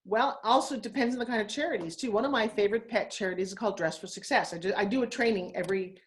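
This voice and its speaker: A woman's voice: medium pitch, very fast. A woman of sixty, a guest on a live video interview, talking bluntly and emphatically. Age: 60s.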